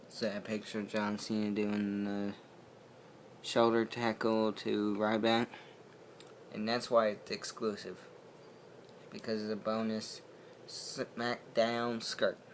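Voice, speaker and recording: A young man talks through a toy review at home in a loose, rambling way, full of fillers and restarts. His voice sits low and stays fairly flat, and he speaks at an unhurried pace. Faint room noise hums behind him. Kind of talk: casual video toy review.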